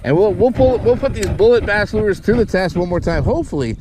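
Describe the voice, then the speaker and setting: A man's voice: high-pitched, fairly quick, background noise. A man hosting a fishing vlog outdoors on the water, talking through his lures and whooping when he lands a fish. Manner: excitable, whoops loudly at catches. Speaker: fishing channel host.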